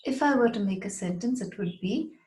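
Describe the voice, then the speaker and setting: A woman teaching English pronunciation in a patient way, saying each word slowly and repeating it. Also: medium pitch, lively intonation, warm tone, roomy sound, a little hiss or hum, poor audio. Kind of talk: slow, deliberate pronunciation lesson.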